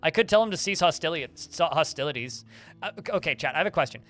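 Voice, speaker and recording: Streaming a video game, a man reads the combat log out loud, chatting with viewers and full of fillers and restarts. His voice is a touch high and fairly bright, quick, with lively intonation.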